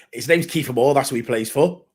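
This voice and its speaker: A man's voice: medium pitch, moderate pace, a little mellow, breathy edge. A man from Cardiff, co-hosting a casual football watchalong, easygoing and laughing along. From Wales, Cardiff. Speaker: co-host.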